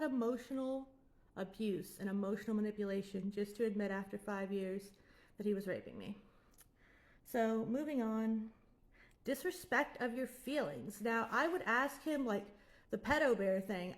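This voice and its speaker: A woman's voice: fairly high pitch, normal speed. A woman in her twenties telling her own story frankly and giving blunt advice, rambling at times. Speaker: vlogger. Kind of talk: candid personal storytelling with advice.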